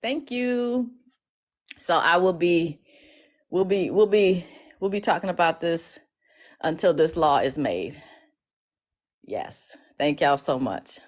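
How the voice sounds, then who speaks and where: Woman, casual livestream, emotional, chatty, lowish voice. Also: expressive, slow pace, pauses often. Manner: emotional, chatty, with many restarts. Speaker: legal educator streaming live. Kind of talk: casual livestream talk to followers.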